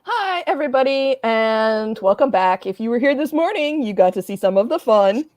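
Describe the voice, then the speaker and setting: A friendly woman introduces herself as a panelist over a video call. Her voice sits a little above the usual pitch, and she talks in an easy, chatty way. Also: sing-song, moderate pace, darkish tone. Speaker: panelist, writer.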